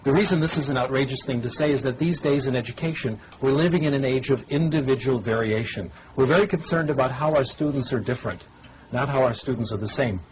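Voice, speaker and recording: A man's voice: medium pitch, fast, slight background noise, rough recording. An older man lecturing on language learning to a TV audience, conversational and wry, demonstrating as a teacher. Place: TV studio or lecture room.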